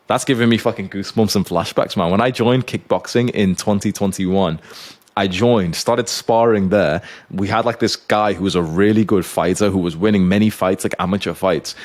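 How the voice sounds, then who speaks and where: A young man who coaches YouTubers, giving an intense motivational monologue to camera and swearing often. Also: lowish voice. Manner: intense, swears often, urgent pep talk.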